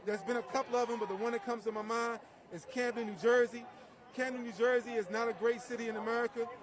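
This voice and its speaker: A man reporting live from a street protest, earnest and speechlike, with filler pauses. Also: extremely high pitch. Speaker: livestream reporter. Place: outdoor city street protest. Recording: live outdoor stream amid a crowd. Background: crowd.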